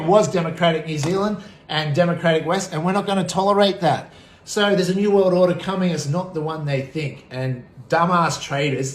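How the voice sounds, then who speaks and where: An Australian man delivering an angry political rant to camera. His talk is profane and combative, and he swings between shouting and muttering. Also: fairly high pitch. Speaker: vlogger. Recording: echoey room.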